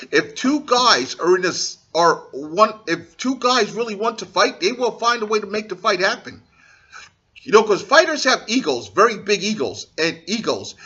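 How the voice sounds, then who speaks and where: A man's voice: sits high, pushed and bright, dull audio. A man hosting a boxing talk show, giving blunt, profane opinions in a casual monologue and acting out what fighters say.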